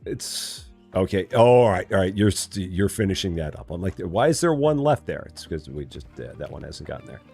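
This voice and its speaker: A man's voice: sits low, big pitch swings, fairly quick, vocal fry, hardly any pauses, a little mellow, breathy edge, soft background music. A man casually commenting as he plays a store-building game on a live stream, chatting to viewers and joking to himself. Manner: chatty, talks to himself and chat, jokey mock voices. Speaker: streamer playing a store simulator.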